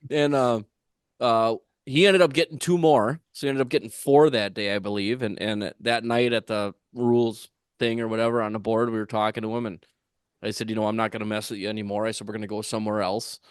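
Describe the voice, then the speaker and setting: A man telling a rambling fishing-tournament story on a podcast, with lots of fillers and restarts, getting animated when he acts out what others said. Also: fairly low pitch, brisk, clean tone, dry recording, studio quality. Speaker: tournament angler guest.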